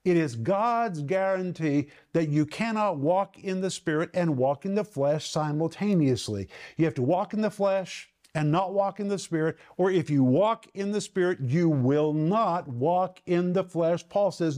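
A man gives a televised Bible teaching in a warm, mellow voice that sits slightly high. He is emphatic, slowing right down and leaning on key words to drive each point home. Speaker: Bible teacher and program host.

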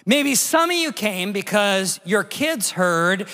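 A middle-aged man preaches an Easter sermon in a loose, joking, storytelling way. His voice sits high and bright. The sound carries the long reverb of a large hall. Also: slow. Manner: lively, conversational, jokey. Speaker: pastor.

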